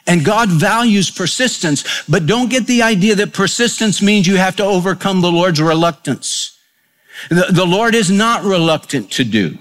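A male pastor delivering a sermon with a slightly higher-pitched voice. He tells homely stories and acts out the lines of the people in them. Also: animated, normal speed, fairly bright tone. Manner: folksy storytelling, acts out quotes.

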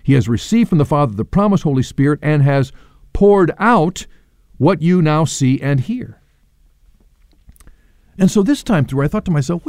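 Earnest man teaching the Bible, mellow and dry. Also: fairly high pitch, animated, normal speed, pauses often, no echo. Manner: earnest, reflective, stresses key words. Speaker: radio Bible teacher and host.

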